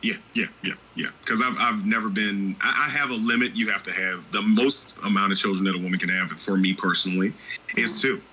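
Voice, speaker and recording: Bright-toned, candid male podcast host. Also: on the low side, steady tone, brisk, slight background noise, poor audio. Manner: candid, opinionated, with frequent restarts. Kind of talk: casual podcast chat.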